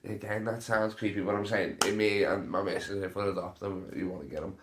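A man's voice: sits low, fairly even intonation, fairly quick, background noise. A young man, stoned and hosting a casual solo podcast, rambling through sweary, laughing stories. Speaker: podcast host. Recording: roomy echo.

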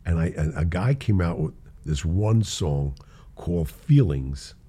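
In a low, slightly rough voice, an older man relates show-business anecdotes at a somewhat slow pace. He's an animated, casual storyteller who acts out the quoted voices and laughs a lot.

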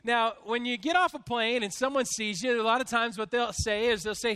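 A man preaching a sermon as a pastor, telling an animated, self-deprecating story with frequent restarts. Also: very high-pitched, fairly quick, clean tone, dry recording. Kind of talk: sermon with a humorous personal story.

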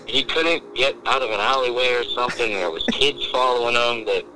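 A man telling a rambling story to friends in casual chat, animated and crude, acting out what others said. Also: medium pitch, a little fast, noisy background.

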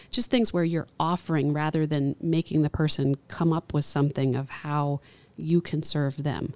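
A middle-aged woman, a hospital chaplain, speaking earnestly and gently in a counseling tone during an interview. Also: deep voice, fairly even intonation, normal speed, dry recording. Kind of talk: conversational interview.

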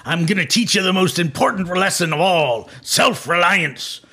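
A man's voice: sits high, animated, moderate pace, bright, forceful tone, slightly rough, full character voice. A man voicing a stern male dwarf god who talks like a pirate and lectures his priest. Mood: scolding. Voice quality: pirate-like growl. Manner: scolding, preachy, calls others lad and son.

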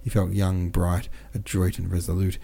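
A man narrating a classic novel as an audiobook in a steady, measured reading. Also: sits low, vocal fry.

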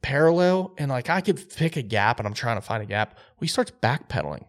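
A man co-hosting a podcast, telling a hunting story in an animated, excitable way. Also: mid-range voice, a little fast. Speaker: podcast co-host.

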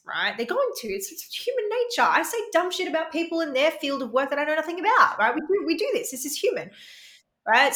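A woman's voice: a little high, bright, forceful tone. A woman podcast host and coach, speaking in an affirming, conversational way and often tagging her points with "right?". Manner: affirming, tags sentences with "right?". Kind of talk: casual conversational interview. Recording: echoey room.

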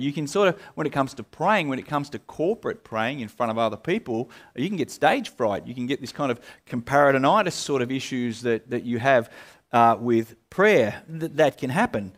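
A male pastor, preaching in a relaxed, conversational way, full of fillers and restarts. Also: medium pitch, moderate pace. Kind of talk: sermon.

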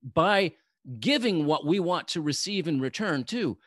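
A man's voice: fairly high pitch, lively intonation, a little slow, fairly bright tone, no room sound. Encouraging male interview host, dry sound. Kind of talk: interview conversation.

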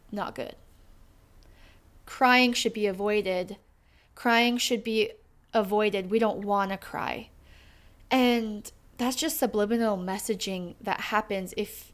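A woman hosting an interview, speaking thoughtfully and emphatically and repeating her points for weight. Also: on the high side. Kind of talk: conversational interview.

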